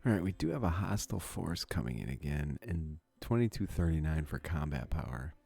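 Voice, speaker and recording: A man's voice: rumbling low, sing-song, a little fast, gravelly, mellow, slightly rough, faint music behind. A man from Wisconsin giving casual gameplay commentary, thinking aloud and chuckling often. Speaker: let's play gamer.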